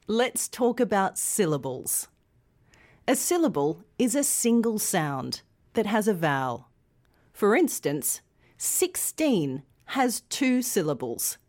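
Slow, lively woman teaching pronunciation. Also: mid-range voice. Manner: slow, careful modelling of words for learners to repeat. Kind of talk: scripted lesson presenting.

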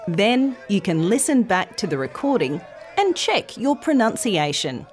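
A woman presenter reading a scripted pronunciation lesson with careful, clear articulation. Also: mid-range voice, very animated, unhurried, background noise. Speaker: news presenter teaching pronunciation.

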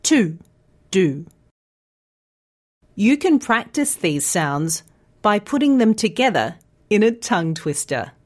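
Slow, clearly enunciating woman teacher. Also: mid-range voice, sing-song. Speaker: pronunciation teacher. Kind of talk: scripted podcast lesson.

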